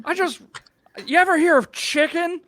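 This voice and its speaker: A woman's voice: extremely high pitch, normal speed, fairly bright tone, no room sound. A woman voicing an easygoing, rambling dwarf king in a tabletop game, chatty and repeating her words. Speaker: guest player. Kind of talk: tabletop role-play.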